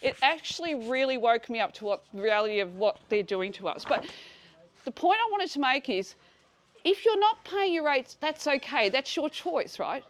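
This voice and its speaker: A woman in her sixties telling a group about her dispute, blunt and animated, swearing freely and acting out conversations. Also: high voice, moderate pace. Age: 60s. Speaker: speaker at a community meeting. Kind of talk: casual storytelling to a live group.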